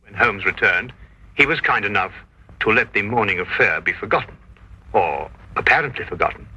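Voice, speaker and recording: An actor narrating as Dr. Watson, a reflective Victorian doctor, in measured scripted narration. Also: male voice, lowish voice, animated, lightly acted. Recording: dull lo-fi 1950s TV soundtrack.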